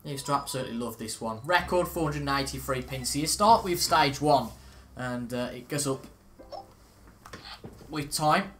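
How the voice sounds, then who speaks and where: A man's voice: mid-range voice, moderate pace, a bit bright, a little hiss or hum. A young man casually commentating on a video game, chatty and self-mocking, reacting aloud as he plays. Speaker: gaming video host. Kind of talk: casual let's-play commentary.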